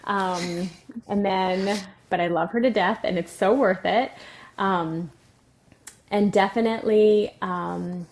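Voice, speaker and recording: A woman's voice: mid-range voice, fairly even intonation, slow pace, a little mellow. A middle-aged woman sharing her life story as a podcast guest, chatty and full of "like" and laughter. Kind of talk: casual personal testimony.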